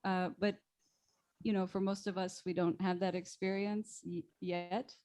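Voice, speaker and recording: A woman telling a personal story on a video call, in a lively way with laughter. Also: lowish voice, unhurried. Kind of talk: casual storytelling.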